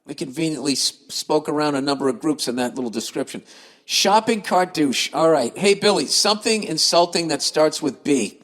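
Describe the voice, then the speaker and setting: A man on a podcast reads out listener mail and then tears into it, cursing freely and sounding exasperated and sarcastic. His voice sits a little high for a man. A long reverb trails behind his words. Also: lively intonation, normal speed, fairly bright tone. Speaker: podcast host. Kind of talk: reading listener emails and ranting comedically.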